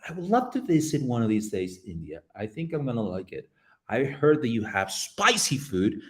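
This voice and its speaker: A man hosting a relaxed live stream, chatting with his viewers as he paints. His pitch swings up and down a lot, and he rambles playfully, cracking jokes at the chat. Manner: playful, rambling, jokey, addresses chat directly. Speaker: livestream host painting community art.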